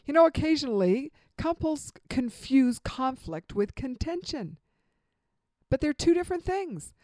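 A woman giving a spoken lecture on marriage advice, with an emphatic, expressive delivery and dramatic pauses. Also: high-pitched, no echo. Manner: acts out example dialogue in vivid voices. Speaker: marriage relationship speaker.

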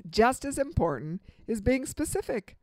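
A woman's voice: on the high side, sing-song, moderate pace, no room sound. A woman giving an instructional talk on communication, quizzing the listener with multiple-choice examples and a light touch of humor.

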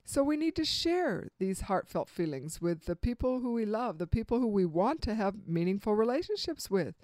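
Expressive woman giving a motivational talk. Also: medium pitch, moderate pace, dry recording. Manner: earnest, expressive, acts out quotes with emphasis. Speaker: motivational speaker.

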